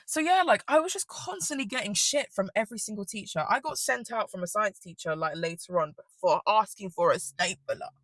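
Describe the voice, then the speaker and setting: Young adult, bright forceful voice, dry close sound, casual swearing storytime rant. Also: medium pitch, brisk, few pauses, no echo. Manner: swears freely, rambling and animated, laughs often. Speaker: vlogger.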